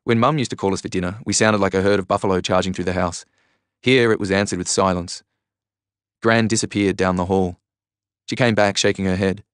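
A man's voice: sits low, steady tone, brisk, smooth, no echo, clean studio sound. A man narrating a novel in the first person, in an understated way. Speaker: audiobook narrator.

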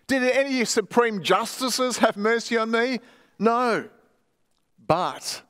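Man, pastor, high pitched voice, emphatic sermon delivery, long church reverb. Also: a bit bright. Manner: emphatic preaching, reads quoted stories aloud. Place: church hall.

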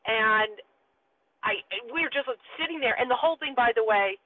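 A woman in her forties telling a story in lively casual talk, acting out the voices of the people in it, calling in from her parked car. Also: on the high side, moderate pace. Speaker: guest. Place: car, pulled over. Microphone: phone call. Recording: tinny phone line.

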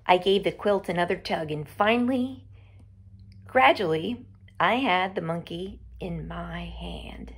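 Casting: woman teacher, reads a story aloud slowly, expressive, with some whispered bits. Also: on the low side, slightly rough.

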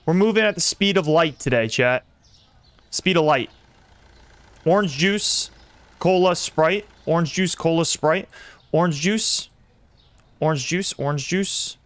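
A young man streaming a simulator game, commenting excitedly and talking to his chat as he plays. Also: on the high side, takes it slowly, pauses often, no echo. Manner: excitable, talks to chat while playing. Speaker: gaming streamer. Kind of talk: live gameplay commentary.

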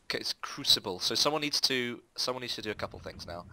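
A man's voice: medium pitch, lively intonation, fast talker, pushed and bright, no room sound. A young man casually chatting while playing a building game, talking through each step with fillers. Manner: chatty, explains his building steps with fillers. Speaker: game host. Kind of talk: casual let's-play chat.

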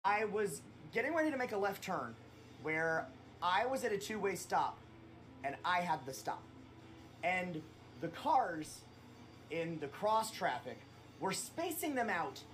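A man streaming a video game, rambling and swearing loudly in casual commentary. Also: high voice, big pitch swings, unhurried, faint music behind. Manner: loud swearing outbursts, rambling.

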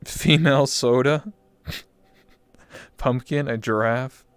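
A man's voice: medium pitch, very slow, smooth, no room sound. A man hosting a live-stream interview in casual chat, joking crudely and swearing a lot. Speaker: talk show host. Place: virtual reality chat stream.

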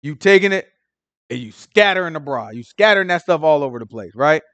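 Brief: male Bible teacher, fairly high voice, dry close sound, loose conversational delivery, keeps checking in with listeners. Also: expressive, brisk, fairly bright tone, dry recording. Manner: conversational, repeats "right?", acts out Pharisees in slang. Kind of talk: informal Bible study teaching.

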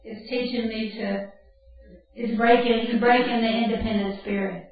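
A woman's voice: fairly high pitch, steady tone, moderate pace, soft background music. An older woman giving a Bible camp teaching talk in a folksy, chatty way, breaking off to laugh at her own stories. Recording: very echoey hall, distant and dull.

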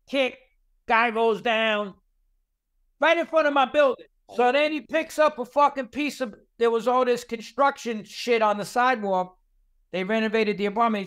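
A man tells street stories, swearing freely and acting out the fights. His voice sits high for a man and sounds smooth and clear. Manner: profane, animated street storyteller. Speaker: podcast guest. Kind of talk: casual storytelling.

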